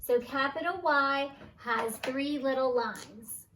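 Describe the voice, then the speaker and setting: A woman teaching young children, reading a story and leading a letter lesson with clear, sing-song prompts. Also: high voice, slow pace, fairly bright tone. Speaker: preschool teacher. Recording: roomy, distant mic, faint background hum.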